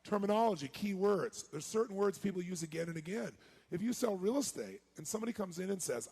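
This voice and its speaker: Raspy guy pumping up a seminar crowd, firing questions at them. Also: high-pitched, quick pace. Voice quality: raspy, gravelly. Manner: energetic, quizzing the audience. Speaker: motivational speaker. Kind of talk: live seminar talk.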